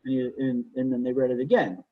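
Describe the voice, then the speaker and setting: A man, a defense lawyer, telling courtroom stories in a casual interview, animated and often restarting his sentences. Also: medium pitch, fast talker. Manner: animated storyteller, frequent restarts and stammered repeats. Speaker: defense lawyer, podcast guest. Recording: dull lo-fi sound.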